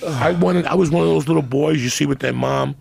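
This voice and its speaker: A man telling comic stories on a podcast, loud and profane, with punchy bursts and sudden shouts. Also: a little high, a little fast, creaky, a crowd in the background. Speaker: comedian guest on a podcast. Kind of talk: profane comic rant and storytelling.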